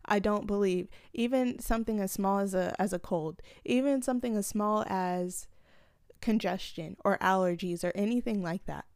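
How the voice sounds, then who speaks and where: A woman hosts her own podcast from a small room, speaking close to the mic. Her talk is casual and earnest, rambling along with fillers and restarts. Her voice is smooth and clear, and the recording is dry with no room sound. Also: medium pitch, moderate pace, darkish tone, no room sound. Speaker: podcast host.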